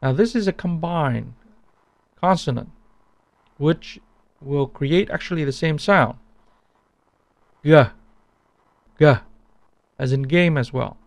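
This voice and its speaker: A man teaching a language pronunciation lesson, repeating each sound slowly so it can be compared. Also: fairly high pitch, expressive, vocal fry, no echo.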